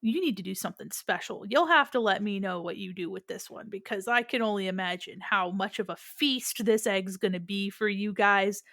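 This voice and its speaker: A man's voice: high-pitched, moderate pace, vocal fry, hardly any pauses, bright, forceful tone, dry recording, clean studio sound, full character voice. A woman voicing a tiny, joyful rabbit-folk boy who farms eggs and chatters eagerly, acting older than he is. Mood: proud chatter. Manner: eager, chattering, acts grown up. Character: tiny joyful male rabbit-folk egg farmer, childlike. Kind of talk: tabletop game character voice.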